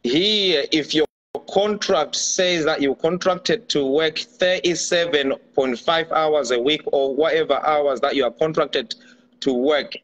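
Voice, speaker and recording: Slow, hesitant man on a call. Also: a little high, a bit bright. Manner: hesitant, many fillers. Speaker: guest. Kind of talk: call-in chat. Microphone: video call. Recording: dull lo-fi call audio.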